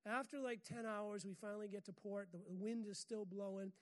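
A woman's voice: medium pitch, steady tone, fairly quick. An American woman preaching a sermon in a chatty, humorous way, often laughing at her own stories. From United States.

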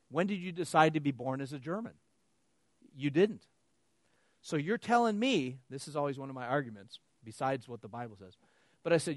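Guy preaching, lively storytelling, laughs a lot, kinda higher voice, dry sound. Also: dry recording. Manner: animated storytelling with laughs, acting out dialogue. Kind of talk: sermon.

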